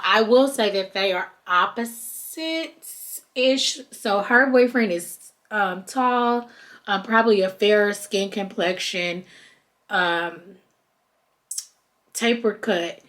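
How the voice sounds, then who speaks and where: A woman's voice: medium pitch, slow. A woman with hosts a podcast, recapping a reality show in a loose, chatty way. She keeps slipping into the voices of the people she describes. Her voice sits in a middle range. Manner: chatty and animated, acts out quoted people. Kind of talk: casual recap chat.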